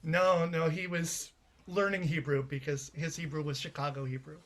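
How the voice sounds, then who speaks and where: A man's voice: a little high, little pitch movement, moderate pace, a bit bright. A man from Canada, a playwright being interviewed, telling anecdotes in a chatty way with frequent restarts. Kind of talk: casual interview chat.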